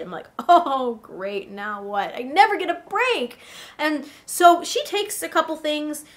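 A woman with a high, light voice spins a first-person adventure for her vlog. She talks in a casual, animated way, piling one event onto the next. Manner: animated, breathless tale-telling. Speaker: vlogger.

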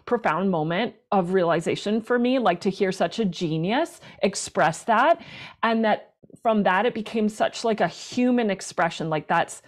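A woman flute player, a professional performer and teacher, chatting in an interview, animated and talkative with lots of restarts. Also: mid-range voice, normal speed. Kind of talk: casual interview chat.

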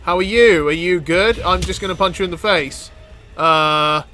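A man giving excitable let's-play commentary as a gaming YouTuber, yelping, cackling and chattering at the game. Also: sits high, normal speed, soft background music.

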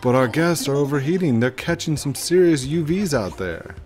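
A man's voice: a little high, expressive, moderate pace, darkish tone, faint music behind, voice pushed up, natural voice. A man voicing an easygoing male surfer-dude resort worker in a video game. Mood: worried.

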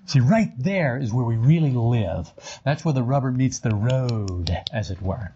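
A man's voice: mid-range voice, expressive, unhurried, dark tone, husky, muffled recording. A man teaching esoteric ideas to a small group in a meeting room, acting out little dialogues with self-mocking humor. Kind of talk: animated talk to a small group. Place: meeting room with a live audience.

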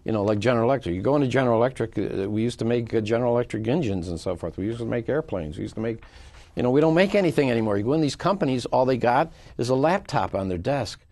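An older man talks quickly in a gravelly voice as a guest in a conversational interview. He is blunt and emphatic, acts out conversations and talks over the host. The sound is dry and close. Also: medium pitch, lively intonation, mellow, dry recording.

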